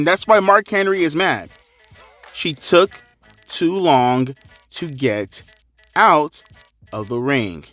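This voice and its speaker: A man's voice: a little high, pushed and bright, dry recording. A young man hosting a crude, sarcastic rant commentary, cursing heavily. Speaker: commentary channel host.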